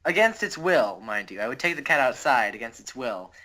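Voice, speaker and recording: A man's voice: medium pitch, big pitch swings, brisk, bright, forceful tone. A young man on a podcast call, telling a scattered, self-correcting story over a handheld device. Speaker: podcast co-host. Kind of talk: casual chat. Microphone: talking through a handheld device on a call.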